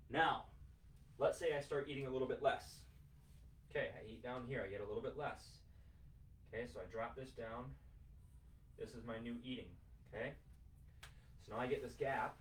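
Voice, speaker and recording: A man's voice: medium pitch, far from the mic, slight background noise. A man as a fitness coach, lecturing his podcast listeners in an emphatic, repetitive, motivational way, swearing casually. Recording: roomy sound from a mic set back.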